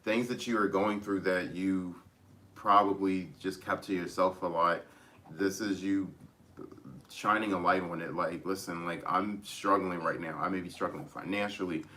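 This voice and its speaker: A man giving a casual tarot reading, rambling with many restarts as he gently advises his listeners. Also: low-pitched, steady tone, moderate pace. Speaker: tarot reader.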